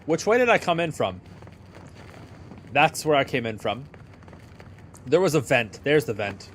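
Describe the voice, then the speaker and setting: A man's voice: mid-range voice, big pitch swings, a little slow, a bit bright, a little hiss or hum. A young man giving jokey, chatty commentary while streaming a video game. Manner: jokey, chatty, laughs often. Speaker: gaming streamer. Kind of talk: casual gaming commentary.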